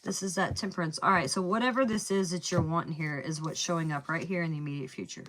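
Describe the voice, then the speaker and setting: A woman's voice: fairly low pitch, steady tone, fast, fairly bright tone, a little hiss or hum. A woman with a Southern US accent giving a casual tarot reading, chatty and thinking aloud, saying "y'all" and "man". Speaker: tarot reader.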